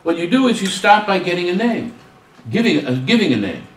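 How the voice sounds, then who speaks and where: A man's voice: high voice, brisk, slight background noise. A man giving a humorous workshop talk on student service, acting out little dialogues as he goes. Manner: animated, acts out dialogues with humor. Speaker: guest speaker on student service. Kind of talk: workshop presentation. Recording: roomy hall, distant mic.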